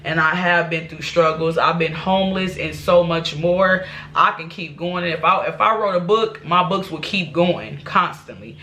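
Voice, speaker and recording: A woman's voice: fairly low pitch, normal speed, bright, forceful tone, slight background noise. A woman vlogger telling a personal life story to her viewers, candid and rambling, with restarts and asides. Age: adult.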